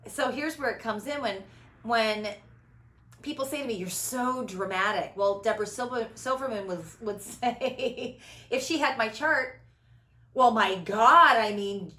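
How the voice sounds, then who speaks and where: Middle-aged woman, loud and theatrical, lively high voice, roomy sound. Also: unhurried. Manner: loud, dramatic, big inflection, laughs often. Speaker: host. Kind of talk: casual conversation. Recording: echoey room.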